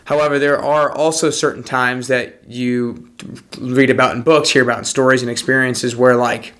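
A man's voice: medium pitch, flat delivery, normal speed, a bit bright. Male podcast host with hesitant phrasing. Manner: hesitant, searching phrasing with many "like"s. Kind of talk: casual interview questions.

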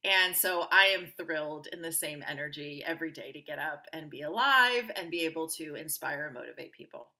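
A woman appears as a podcast guest, telling her own stories in a loose, conversational interview. Her bright, clear voice sits low and runs a little fast with few pauses. She's upbeat and animated, acting out the voices of those she quotes.

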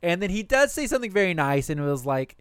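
A young man in casual chat, recapping anime episodes for a podcast with animated, quick storytelling and swearing. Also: sits high, clean tone, no room sound.

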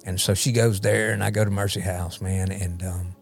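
Over soft background music, a man with a deep voice and little pitch movement speaks at normal speed. He's a recovery ministry leader giving his personal testimony as a podcast guest, rambling, repeating himself, and frequently asking "you know what I mean?"

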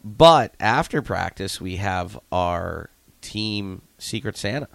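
A man's voice: fairly low pitch, expressive, slow pace, gravelly, no room sound. A man, a hockey coach, chatting casually on a radio show and telling easygoing stories. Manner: easygoing storyteller who acts out quotes.

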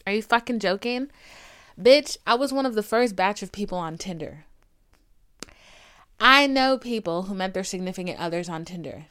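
Telling a long, profane dating story as a podcast host, a young woman gets dramatic and imitates the people involved with animated fake voices in this casual rant. Her voice is mid-range with a clean tone, at normal speed with long pauses.

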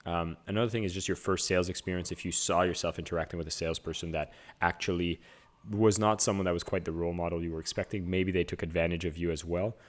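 Deep-voiced guy on a video call, earnest coach type, lots of ums. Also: steady tone, quick pace. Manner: earnest, coaching, thinks aloud with fillers. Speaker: business coach. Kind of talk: casual video call chat.

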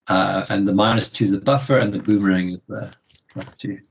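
A man's voice: fairly low pitch, steady tone, a little fast, gravelly, breathy edge. A man hosting a podcast interview, talking casually and hesitantly with many ums and restarts. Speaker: podcast host. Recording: muffled lo-fi audio.

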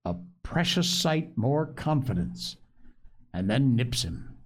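A cunning, anxious old castaway pirate, put on by a male reader, rambling in a wheedling, rustic way. His pitch rises and dips in lively swings, and he takes his time over every phrase. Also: takes it slowly.

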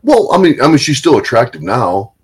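Man, casual chat, profane, animated storyteller, mid pitch. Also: fairly quick, husky.

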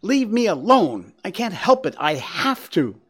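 A man voicing a frightened young female deer who cries out in shrill panic, in a storybook reading. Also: huge pitch swings, normal speed, breathy edge, exaggerated voice. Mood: panicked.

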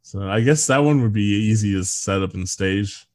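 A man's voice: on the low side, normal speed, no room sound. A man in his thirties co-hosting a casual podcast, joking darkly and laughing often. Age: 30s. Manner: sardonic, dark humor, laughs often. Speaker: podcast co-host.

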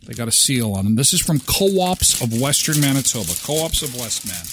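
A man's voice: mid-range voice, sing-song, normal speed, background noise. A man hosting a live morning show, jokey and rambling as he chats and reads ads. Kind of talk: casual chat with ad reads.

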